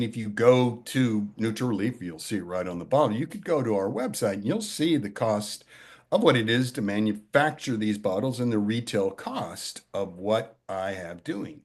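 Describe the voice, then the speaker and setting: A man who sells a product, explaining his pricing to a group in a measured way. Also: fairly low pitch. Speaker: product vendor. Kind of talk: casual pitch to a group.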